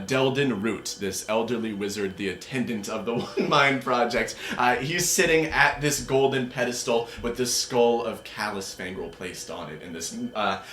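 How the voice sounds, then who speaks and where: Casual man narrating a tabletop game. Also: lowish voice. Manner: loose, relaxed, with many fillers. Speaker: game master. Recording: roomy echo.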